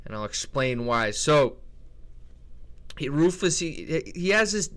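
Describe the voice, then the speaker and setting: A man's voice: fairly high pitch, very animated, takes it slowly, a bit bright, smooth. A young man giving casual, profane, rambling commentary as a vlogger, often incredulous. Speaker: MMA tier list vlogger.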